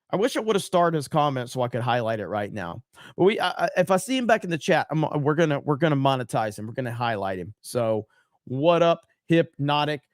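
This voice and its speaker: A man's voice: fairly high pitch, no echo, studio quality. A man hosting a livestream in a casual style, reading viewer chat aloud and answering in a blunt, profane way, often repeating words for emphasis. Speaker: livestream host.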